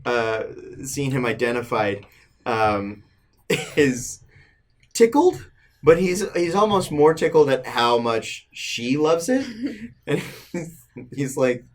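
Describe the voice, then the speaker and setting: Slow, lively-voiced man running a game. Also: mid-range voice. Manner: halting, with many ums, descriptive. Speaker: game master. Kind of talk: narrating a tabletop game.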